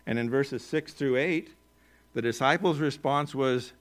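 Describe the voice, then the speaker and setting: A male pastor with an American accent preaching a sermon in a relaxed, conversational way, with joking asides and chuckles. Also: mid-range voice, measured pace.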